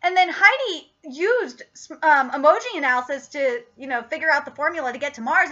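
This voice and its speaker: A woman in her late twenties giving a casual, profane, excitable TV episode review and laughing often. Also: high-pitched, brisk, few pauses. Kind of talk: casual video review commentary. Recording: slightly muffled lo-fi recording.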